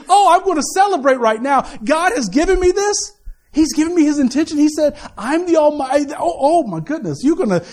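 A man preaching a lively sermon as pastor, mixing humorous asides and laughter, swinging between loud exclamations and quiet talk. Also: very high voice, fast.

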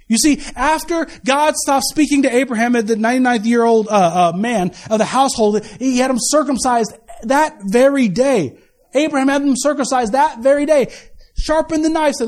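A man's voice: very high-pitched, expressive, normal speed, darkish tone. A man giving a sermon as pastor, casual and joking, often repeating his first words as he restarts. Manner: casual, joking preaching with many stammered restarts.

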